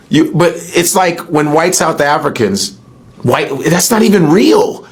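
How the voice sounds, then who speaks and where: A man's voice: a little high, expressive, measured pace. A man born in the United States, ranting heatedly and profanely on a podcast, with emphatic outbursts.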